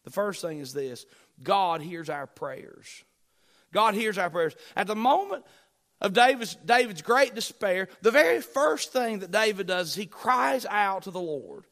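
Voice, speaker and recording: A middle-aged male pastor delivering a sermon in a fairly high voice. He preaches with emphatic, rising bursts and drops into quiet asides to the congregation. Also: lively intonation, unhurried.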